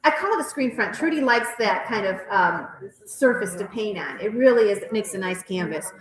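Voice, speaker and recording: A woman auctioneer calling bids at a live auction in a rapid, repetitive chant, with chatty asides about the pieces. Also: medium pitch, animated, a bit bright. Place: auction house hall. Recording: roomy echoey hall.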